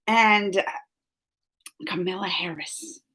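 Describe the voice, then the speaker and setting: A woman from the United States hosting a live stream, chatting casually and excitably, rambling with frequent restarts and laughing often. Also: fairly low pitch, slow pace.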